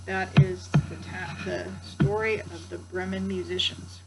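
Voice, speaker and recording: A woman's voice: on the low side, fairly even intonation, a little slow, over loud music, poor audio. An older woman, a grandmother, reading a children's story aloud with chatty asides to her grandsons. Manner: warm chatty asides to the listener.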